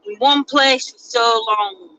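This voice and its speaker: A woman's voice: fairly high pitch, slow, bright, forceful tone, low-quality recording. Chatty woman in a car. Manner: chatty, self-mocking. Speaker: vlogger. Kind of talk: casual chat. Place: in a moving car. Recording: car noise in background.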